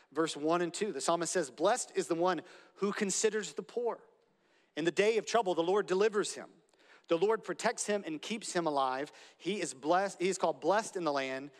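Male pastor, earnest sermon delivery, slightly raised pitch, long hall reverb. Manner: earnest, building emphasis with repeated phrases.

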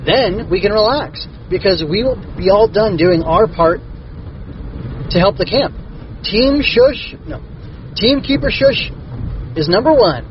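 A man voicing an excitable, boastful little bug creature. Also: high-pitched, unhurried, long pauses, highs cut off, slight background noise, pitched above the performer's own voice.

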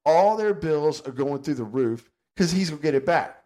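A man's voice: on the high side, lively intonation, normal speed, a little mellow. An older man, co-hosting a casual podcast and ranting bluntly and sarcastically. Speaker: podcast co-host.

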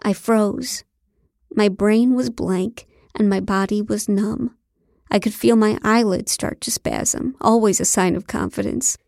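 A woman narrating a comic novel in the first person, with a deadpan, wry delivery. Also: medium pitch, unhurried, creaky, no room sound, studio quality. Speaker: audiobook narrator.

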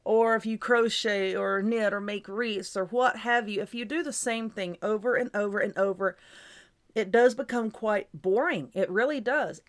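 A woman's voice: medium pitch, a bit bright. A woman hosting her own show, giving casual, reassuring advice in a chatty, repetitive way while stifling hiccups. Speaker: YouTuber and podcast host.

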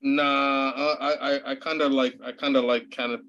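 A man co-hosting a podcast in casual chat, relaxed and joking. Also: medium pitch, fairly quick, muffled recording.

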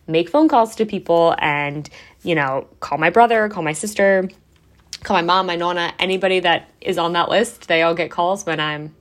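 Podcast host: young woman, lowish pitch, casual rambling delivery full of "like", occasional swearing. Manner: chatty, heavy use of "like", swears casually.

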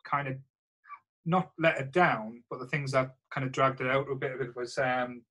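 Brief: man, podcast co-host, bright forward tone, relaxed and halting. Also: medium pitch, low-quality recording. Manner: easygoing, hesitant, many fillers. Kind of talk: casual film chat.

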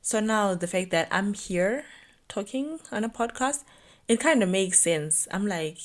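A woman's voice: mid-range voice, expressive, measured pace. A young woman hosting a solo podcast, talking chattily and reflectively with lots of "like". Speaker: podcast host.

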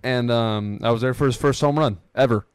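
A young man on a podcast telling excited, rambling stories in casual chat. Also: medium pitch, brisk, clear, resonant tone, dry recording, clean studio sound. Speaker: podcast co-host.

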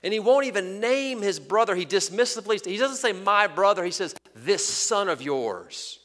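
A male pastor delivers a sermon in an earnest, emphatic way, slowing to press home his points. His voice sits a little high for a man. It rings out with the long reverb of a large hall. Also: a bit bright. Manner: earnest, emphatic preaching with slow deliberate stresses.

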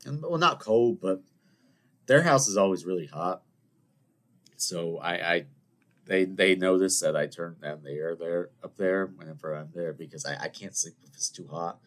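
A young man, hosting a podcast in a casual solo chat. He rambles, jokes at his own expense and talks in an animated way. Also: low-pitched, normal speed. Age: 20s. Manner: animated, rambling, self-mocking. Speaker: podcast host.

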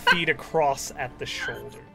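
A man's voice: normal speed, vocal fry, music in the background. A man narrating vividly as game master of a tabletop game. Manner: vivid descriptive narration with lively pitch.

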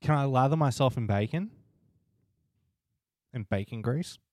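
A man's voice: medium pitch, a little slow, a little mellow, dry recording, clean studio sound. A man co-hosting a podcast, grumbling and swearing in casual chat. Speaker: podcast co-host.

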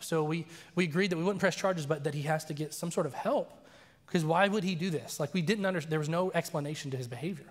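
Guy preaching, telling a story, acts out voices, laughs a lot, slightly high voice, big echoey church. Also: fast. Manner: animated, acts out quoted voices, laughs often. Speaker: pastor. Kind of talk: storytelling sermon. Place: church sanctuary. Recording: long reverb of a large church hall.

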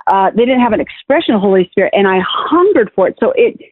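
A woman's voice: medium pitch, expressive, fast, no echo. A woman minister being interviewed, speaking candidly in casual talk with frequent restarts. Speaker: guest minister. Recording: tinny phone-like call line.

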